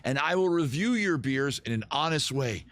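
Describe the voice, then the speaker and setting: A man's voice: on the high side, lively intonation, moderate pace, a bit bright, slight background noise. A middle-aged man hosting a casual livestream, joking and rambling in a self-mocking way. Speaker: host of a livestream music and beer show. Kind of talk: casual livestream chat and singing with guitar.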